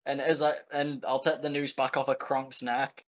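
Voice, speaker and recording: A man's voice: medium pitch, little pitch movement, normal speed. A man playing a tabletop game, joking and mischievous. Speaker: player.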